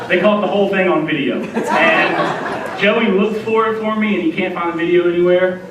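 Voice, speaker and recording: A young man in his twenties, a youth minister from Dallas, telling a lively, self-deprecating story to a youth group. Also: high voice, normal speed. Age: 20s. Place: church hall. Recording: echoey room from far off, noisy.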